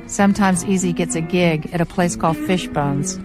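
A middle-aged woman reading scripted documentary narration in a calm, matter-of-fact way. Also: on the low side, normal speed. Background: loud guitar music.

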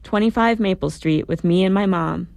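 A woman's voice: lowish voice, normal speed, vocal fry, dry recording. A woman voicing a hurt, resentful teenage girl who answers sharply, read in a story. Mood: sulky, bitter. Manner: sulky, sharp.

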